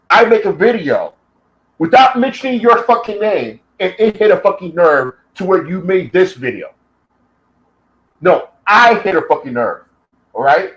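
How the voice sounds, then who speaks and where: A man's voice: high-pitched, rough recording. An American man delivering an angry, profanity-filled reaction rant at another commentator. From United States. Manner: heated, profane, combative. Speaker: YouTube commentator.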